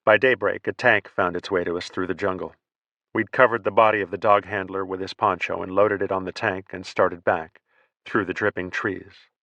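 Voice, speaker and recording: A man narrating a first-person war memoir audiobook in a measured, plainspoken way. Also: low-pitched, fairly even intonation, creaky, bright, forceful tone, dry recording, highs cut off.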